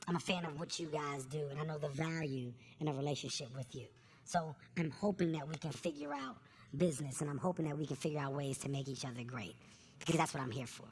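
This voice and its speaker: At a live event in front of an audience, a comedian guest with a slightly high voice tells candid stories during an interview. He comes across as earnest and animated.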